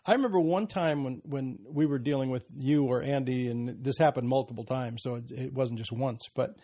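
An older man co-hosting a podcast, talking about parenting in a gentle, reflective, fatherly way. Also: mid-range voice, normal speed. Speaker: podcast co-host.

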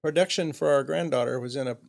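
An older man, a guest, earnestly recounting a personal story, halting and trailing off with fillers. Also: mid-range voice, vocal fry.

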